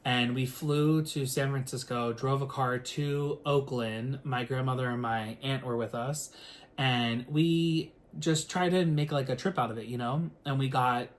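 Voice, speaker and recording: Speaking at a measured pace with a medium-pitched voice, a man who is a singer recounts a story to the camera. He's animated and casual, full of filler words, with a swear word here and there.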